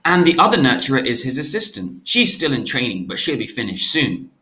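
A man voicing an earnest, curious young boy who speaks in a hushed, eager way. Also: mid-range voice, big pitch swings, a little fast.

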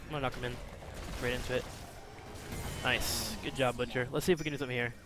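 A man giving casual, self-mocking commentary while playing a video game, chatty and jumping between excited outbursts and low mumbles. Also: fast talker, music in the background.

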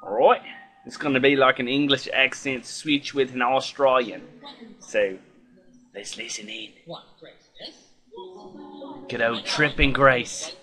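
A man's voice: medium pitch, fairly even intonation, slow, pauses often, pushed and bright. A man giving crude, joking commentary while playing a video game, mumbling asides. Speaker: game let's player. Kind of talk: casual gameplay commentary.

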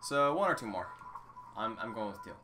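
A man's voice: lowish voice, very animated, a little fast, background noise. A man chatting casually while playing a video game, guiding the others and joking around. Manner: playful, hums tunes and sings along. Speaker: game player. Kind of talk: casual let's-play chat. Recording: game music playing behind.

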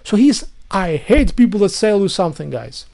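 A man's voice: high voice, big pitch swings, normal speed, creaky, darkish tone, no room sound. A man delivering an angry ranting monologue to viewers, full of insults, repetition and stumbling restarts. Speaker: video blogger.

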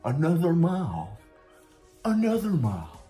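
Animated man telling a profane story. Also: measured pace, faint music behind. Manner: animated, profane, swings pitch widely for emphasis. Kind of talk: casual storytime.

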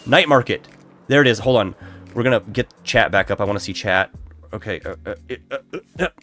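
A man's voice: on the low side, brisk, fairly bright tone. A man live-streaming a video game, nasal and congested from allergies, chatting casually with his viewers in a self-deprecating way while he plays. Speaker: Minecraft streamer. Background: lo-fi background music.

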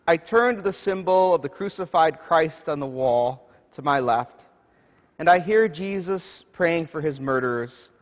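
Pastor for a sermon read: male, slightly raised pitch, unhurried storyteller, dull lo-fi recording in a big echoing church. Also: lively intonation. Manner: measured storytelling with prayerful pauses. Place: church sanctuary. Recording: dull echoey church hall.

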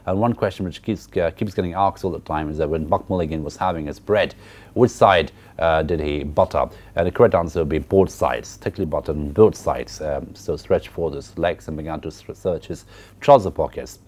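A man's voice: rumbling low, moderate pace, darkish tone. A man giving a literature lecture, explaining a novel in a hesitant, explanatory way. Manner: hesitant, many fillers and restarts, explanatory. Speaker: university lecturer. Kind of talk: literature lecture with text reading.

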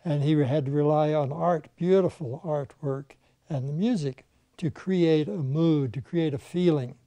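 A man's voice: fairly high pitch, a little slow, dark tone, no room sound. An older man, a veteran animation filmmaker, reminiscing in conversation and telling anecdotes in which he mimics the people he quotes.

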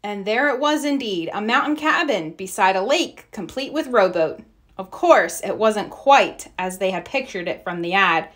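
Lady reading a kids' storybook out loud, lively, gives each character a little voice. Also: mid-range voice, normal speed. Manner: expressive, acts out characters' lines. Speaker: storybook reader. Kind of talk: read-aloud storybook narration.

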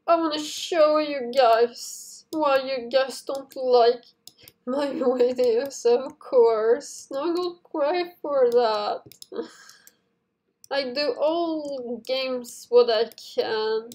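Very slow-talking woman game host. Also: sits high, darkish tone. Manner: chatty, giggles often, addresses viewers directly. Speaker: gaming video host. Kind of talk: casual gameplay commentary.

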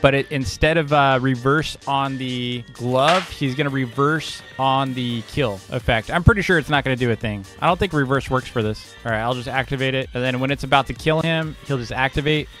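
A man giving casual, excitable gameplay commentary as a gaming video host, laughing often and breaking into sudden outbursts. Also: mid-range voice, brisk, hardly any pauses, soft background music. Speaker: gaming YouTuber.

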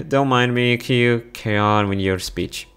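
A man's voice: mid-range voice, slow, a bit bright, clean tone. A man voicing a playful, teasing middle-aged mother in a visual novel. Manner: teasing, amused.

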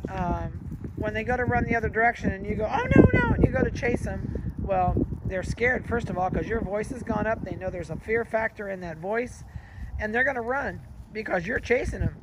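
A man who breeds dogs, giving folksy, chatty advice outdoors in a yard and pausing to comment on the puppies. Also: high-pitched. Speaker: dog breeder. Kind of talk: casual outdoor advice talk. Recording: loud wind noise outdoors. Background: wind and puppies playing.

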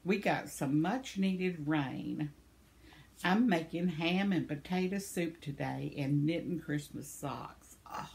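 Reading her viewers' comments in a relaxed, affectionate way, the older woman who hosts this channel has a lowish, gravelly voice. She keeps laughing and fumbling the names.

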